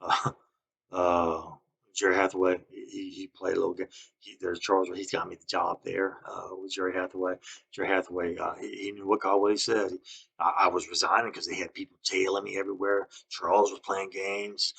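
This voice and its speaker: Man, husky bright voice, rambling accusatory vlog monologue, halting delivery. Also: deep voice, little pitch movement. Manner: halting, accusatory, frequent restarts. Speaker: vlogger.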